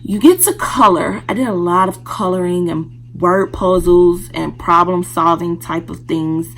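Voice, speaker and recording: A woman's voice: fairly low pitch, steady tone, unhurried, a little hiss or hum, low-quality recording. A woman vlogger telling a personal story in a candid, casual way, speaking straight to her viewers.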